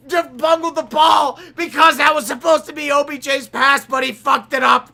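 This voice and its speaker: A man doing amateur, profane play-by-play commentary on a livestream, shouting on big plays. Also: very high voice, steady tone, normal speed, creaky, hardly any pauses.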